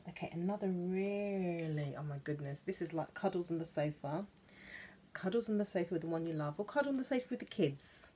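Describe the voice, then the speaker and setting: A woman from England chatting playfully about perfumes, gushing and now and then dropping into soft whispers. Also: on the low side, a little fast, slight background noise. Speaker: perfume vlogger. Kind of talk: chatty vlog.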